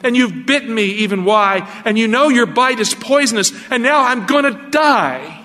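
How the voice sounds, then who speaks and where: A man's voice: very high voice, lively intonation, normal speed, sharp tone, big-room sound, voice pushed up, full character voice. A man voicing a tender-hearted woman who has been bitten and is dying, speaking in a raised, pleading voice.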